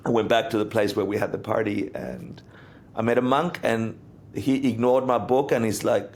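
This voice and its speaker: Low gravelly man telling a story. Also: moderate pace. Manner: animated storyteller, acts out quotes. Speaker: interview guest, Buddhist teacher. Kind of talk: casual storytelling in a podcast interview.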